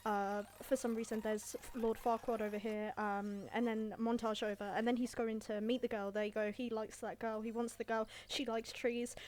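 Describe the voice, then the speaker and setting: A woman casually recapping a film in an offhand, irreverent way, swearing and filling pauses with ums and likes. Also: a little high, flat delivery, a little mellow, a little hiss or hum. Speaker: video creator summarizing a film.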